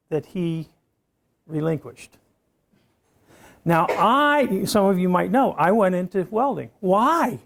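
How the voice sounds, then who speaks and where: An older male professor tells a class a story from his career. His voice sits a little high and carries a gravelly fry. He keeps stopping to ask "okay?". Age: around 70. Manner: storytelling, frequent "okay?" check-ins. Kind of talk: classroom lecture anecdote.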